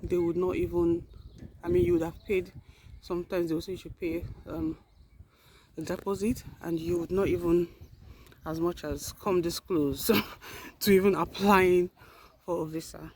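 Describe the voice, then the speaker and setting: A woman's voice: on the low side, steady tone, normal speed, darkish tone, slight background noise. A woman vlogging while walking outdoors, a little out of breath, chatting earnestly and correcting herself as she goes. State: slightly out of breath. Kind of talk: casual walking vlog.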